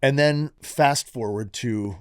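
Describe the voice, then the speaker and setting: A man's voice: mid-range voice, slow, clear, resonant tone, no room sound, clean studio sound. A man in his forties co-hosting a podcast, telling candid personal stories in casual chat and swearing freely. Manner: candid storytelling, frequent swearing. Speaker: podcast co-host.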